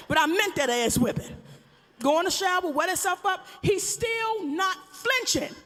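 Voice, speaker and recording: A woman from Baltimore doing stand-up comedy storytelling, profane and animated with bursts of shouting. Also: extremely high pitch, normal speed. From Baltimore, USA. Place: large theater stage. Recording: live stage with long hall reverb.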